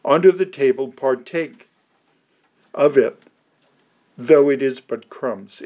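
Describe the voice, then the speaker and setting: A man preaching an expository sermon, slow and deliberate, with emphatic stresses and occasional restarts. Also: fairly high pitch, big pitch swings, warm tone.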